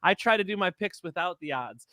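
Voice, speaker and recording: A man co-hosting a casual sports betting chat, rambling and animated, swearing often and tripping over his words. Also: sits high, brisk, dry recording, clean studio sound. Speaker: co-host of a fight betting show.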